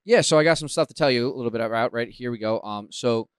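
A man's voice: medium pitch, fast talker. A man co-hosting a casual podcast, telling stories and joking about words. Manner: jokey storyteller, playful word games. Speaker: podcast co-host. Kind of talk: casual chat.

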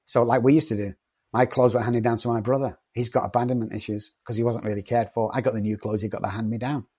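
Blunt, cussing man with a husky voice. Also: medium pitch, steady tone, fast talker, mellow, highs cut off. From not from England. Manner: profane, cocky and confrontational. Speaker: addiction treatment company owner. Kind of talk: blunt podcast conversation.

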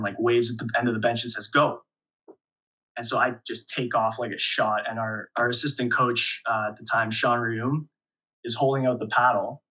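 A young man, a volleyball player, telling stories in a relaxed interview with frequent chuckles and restarts. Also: medium pitch, lo-fi sound. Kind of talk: casual interview storytelling.

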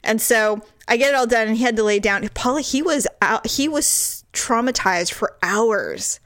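A woman's voice: a little high, lively intonation, moderate pace, fairly bright tone, no room sound, studio quality. A middle-aged woman telling a story in casual chat, acting out the quotes and laughing often.

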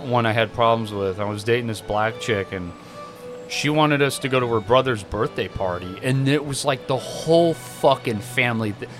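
A man's voice: medium pitch, normal speed, music in the background. A young man co-hosting a podcast, telling crude, profane stories in casual chat. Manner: crude, profane, animated storyteller. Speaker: podcast co-host.

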